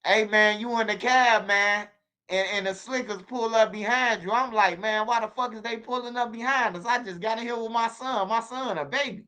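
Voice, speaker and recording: A man hosting a stream, telling stories in a slangy, animated way and repeating himself. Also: sits high, normal speed. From Chicago. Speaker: channel host on a livestream. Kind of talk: casual storytelling to viewers.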